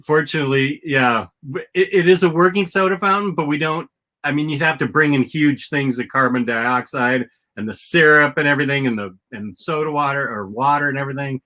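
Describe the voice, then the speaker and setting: Male host, casual chatter, bright forceful tone, rambly delivery. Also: fairly high pitch, fairly quick. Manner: rambling, lots of restarts and fillers. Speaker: podcast host. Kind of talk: casual chat.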